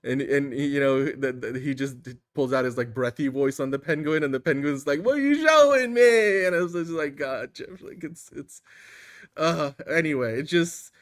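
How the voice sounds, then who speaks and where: Rambling, animated man. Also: fairly high pitch, moderate pace. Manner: rambling, animated, lots of filler words. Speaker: host. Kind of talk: casual podcast chat.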